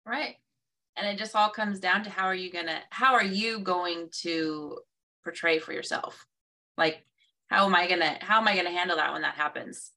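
A woman's voice: fairly low pitch, normal speed, pushed and bright, far from the mic. A woman co-hosting a casual conversation, who acts out quoted reactions and laughs at herself. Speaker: co-host.

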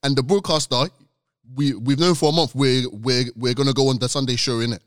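A man's voice: medium pitch, steady tone, dry recording, clean studio sound. A man co-hosting a casual podcast, making his case insistently and acting out the people he quotes. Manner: quick, insistent, acts out quoted speakers. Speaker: podcast co-host.

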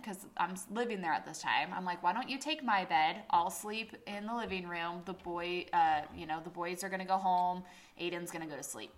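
A woman podcast co-host telling a funny story in casual chat, swearing a lot and acting out quotes loudly. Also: fairly low pitch, fairly quick. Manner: animated, swearing often, acts out quotes loudly.

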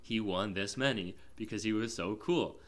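A man's voice: on the low side, normal speed, fairly bright tone. A man co-hosting a film review podcast, talking casually. He rambles and restarts, stringing thoughts together with frequent fillers. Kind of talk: casual chat.

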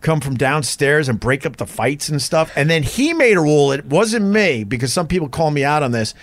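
A man's voice: a little high, sing-song, fairly quick, no room sound. A middle-aged man from Long Island hosting a podcast and telling profane stories in casual chat. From Long Island, New York. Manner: profane storytelling. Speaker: podcast host.

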